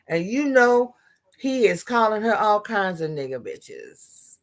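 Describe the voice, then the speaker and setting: A woman's voice: medium pitch, very animated, slow. A woman giving impassioned political commentary, blunt and profane, often restarting her sentences.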